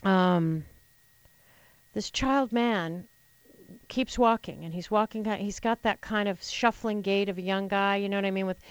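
Reflective woman, smooth dry voice. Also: mid-range voice, dry recording, poor audio. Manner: reflective, halting, with frequent restarts and repeated words. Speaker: radio host. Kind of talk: personal storytelling monologue.

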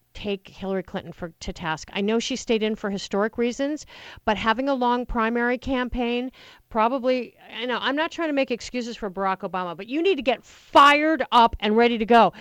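A fill-in host of a political call-in radio show speaks in a fairly high, smooth voice through a studio microphone, with no room sound. She comes across as passionate and rambling, repeatedly restarting what she says.

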